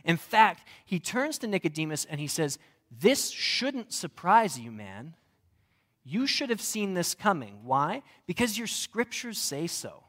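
A young man preaches with a slightly high voice. His sermon is relaxed and chatty, with humor woven in. He is a pastor talking to his congregation. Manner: conversational and humorous, varied delivery.

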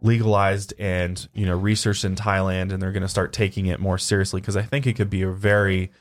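A man co-hosting a podcast in a relaxed, rambling way, full of "you know" and "um". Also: deep voice, brisk. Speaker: podcast co-host. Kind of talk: casual podcast chat.

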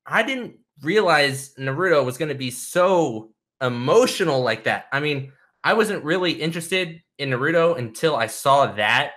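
Male co-host, slow and rambling, bright tone, excited storyteller. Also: fairly high pitch. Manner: rambling, filler-heavy, enthusiastic storytelling. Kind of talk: casual chat about anime.

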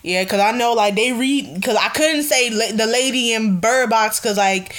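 A young woman hosting a casual radio show, chatting in an animated, excitable way and laughing often. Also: fairly high pitch, normal speed. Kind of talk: casual chat.

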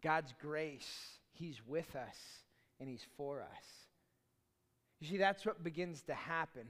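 A man's voice: a little high, takes it slowly, a bit bright. A man preaching a sermon as pastor, in a conversational, storytelling way with chatty asides.

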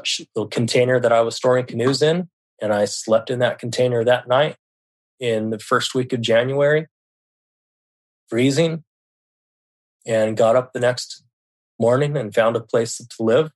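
A man's voice: mid-range voice, steady tone. A middle-aged man telling a personal story in casual speech, stopping often to restart and correct himself. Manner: halting, with frequent restarts and self-corrections.

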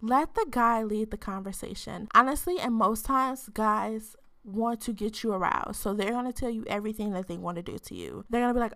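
A tipsy woman hosts a frank podcast chat, her voice bright and forceful. She rambles loosely with constant filler words and plenty of swearing. The sound is dry and close, with no room echo. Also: fairly high pitch, expressive, a little fast. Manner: loose, profane, rambling talk full of "like" fillers; says she code-switches into a different voice on the podcast. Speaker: podcast host. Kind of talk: casual frank sex-advice chat.

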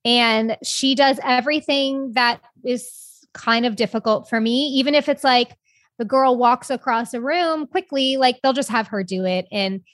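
A young adult woman co-hosting a podcast, talking in a candid, rambling, expressive way. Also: fairly high pitch, measured pace, no room sound, studio quality. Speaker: podcast co-host. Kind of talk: casual chat.

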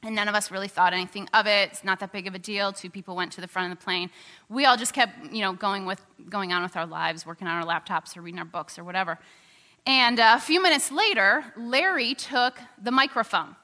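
A woman's voice: medium pitch, fairly quick. A woman preaching a sermon in a chatty, storytelling way with lots of fillers, in a large hall. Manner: conversational, animated, many fillers. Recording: long hall reverb.

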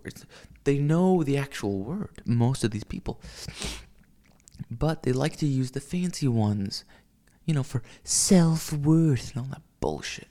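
A man's voice: medium pitch, expressive, unhurried, mellow. A man rambling in a casual solo monologue, ranting with lots of swearing, fillers and restarts. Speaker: vlogger.

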